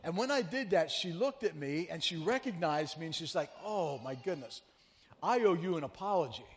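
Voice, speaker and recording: A man preaching a sermon as pastor, telling a story in a chatty, animated way and teasing his congregation. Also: a little high, moderate pace, in a large hall, a little hiss or hum. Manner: conversational, animated storyteller who teases the congregation. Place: church sanctuary.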